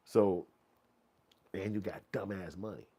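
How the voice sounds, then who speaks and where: A man with a deep, low voice holds forth in casual commentary. He tells it as a vivid story aimed at the listener, swearing freely and now and then acting out other voices. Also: unhurried, breathy edge. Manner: profane, vivid storytelling with second-person address; acts out quoted voices, sometimes yelling high. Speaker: channel host commenting on news.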